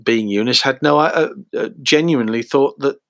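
Brief: chatty male raconteur, middle pitch, dead-dry mic. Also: normal speed, fairly bright tone, dry recording. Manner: rambling, many fillers, acts out quotes. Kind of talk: casual anecdotal chat.

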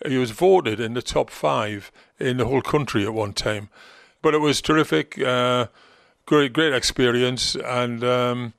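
A man's voice: medium pitch, unhurried, creaky, fairly bright tone, no echo, clean studio sound. Older man reminiscing. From Gateshead, North East England. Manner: chatty storyteller, teasing, quotes others in their own voice. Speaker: interview guest, former football manager. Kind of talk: reminiscing interview talk.

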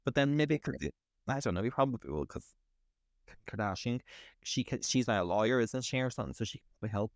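A man from Britain co-hosts a casual podcast, talking bluntly and swearing freely. His voice sits at a middle pitch and is recorded close on a podcast mic with a dry, roomless sound. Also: lively intonation, fast, no room sound. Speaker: podcast co-host. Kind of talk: casual chat.

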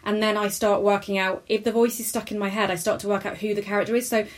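A woman talks in a loose, rambling way as an interview guest. She sounds chatty and a little self-deprecating. Her voice sits at a middling pitch for a woman. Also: level tone, quick pace. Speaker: character comedian guest. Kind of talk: casual interview chat.

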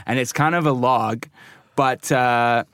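A man's voice: mid-range voice, slow pace, a bit bright, clear, resonant tone, no room sound. Rambling man, dry close sound. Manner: rambling anecdotes with laughs and restarts. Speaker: recording and mixing engineer, guest. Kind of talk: casual interview chat.

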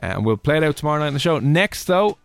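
A man's voice: on the high side, sing-song, very fast, vocal fry, dry recording. A young Irish man with a Dublin accent, hosting a radio show in casual, jokey, rambling chat. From Ireland. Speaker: radio host.

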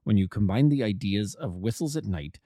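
A man reading aloud, voicing a cool, analytical detective who reasons aloud in a measured way. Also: fairly low pitch, animated, dark tone, dry recording, clean studio sound. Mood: reasoning.

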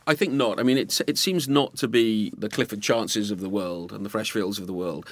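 A man, a journalist, talking in a measured way and often restarting his phrases. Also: fairly low pitch, no room sound. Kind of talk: casual discussion.

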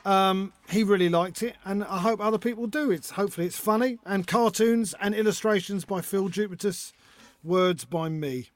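Brief: man, 50s, high-pitched, dry close sound, chatty guest who acts out stories. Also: moderate pace, no echo. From North London, England. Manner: animated storyteller, acts out voices. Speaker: guest author and comedian. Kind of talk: casual chat.

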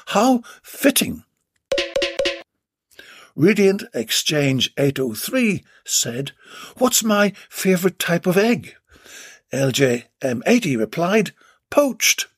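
Cheeky animated man reading listener posts. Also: high voice, husky, dry recording. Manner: cheeky, mock-dramatic reading with playful asides. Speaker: podcast host. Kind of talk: comic podcast monologue reading listener posts.

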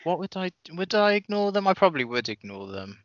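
A speaker with a Welsh accent in casual chat, blunt and deadpan. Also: medium pitch, brisk, dry recording. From Wales. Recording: dry, slightly dull audio.

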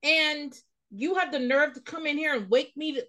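Brief: woman host, slightly high and bright, blunt profane ranting recap chat. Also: normal speed. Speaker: podcast host. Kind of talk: casual reality-TV recap chat.

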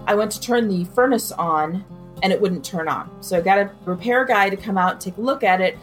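A woman's voice: medium pitch, brisk, faint music behind. A woman recounting a personal ordeal in an interview, acting out what others said. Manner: expressive, acts out quoted voices.

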